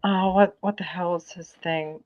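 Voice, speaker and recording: A woman from Arizona, a guest in a casual political chat, talking in an animated, exasperated way. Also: lowish voice, moderate pace, no echo. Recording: dull lo-fi sound.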